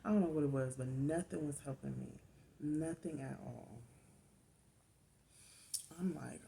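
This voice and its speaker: A woman, a mother of four, casually telling her own story in an animated way, getting louder as she relives the pain. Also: sits low, unhurried, gravelly, pauses often, a little hiss or hum. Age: adult mother of four. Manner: animated retelling, rising loud when reliving pain.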